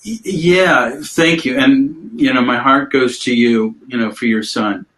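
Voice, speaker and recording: A man guiding a mindfulness session on a video call, speaking slowly and gently and inviting pauses. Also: mid-range voice, poor audio. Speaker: mindfulness teacher.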